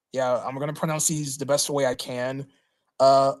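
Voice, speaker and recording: A man hosting a livestream, reading through a list in a casual, halting way with lots of "uh" fillers and restarts. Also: on the high side. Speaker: livestream host.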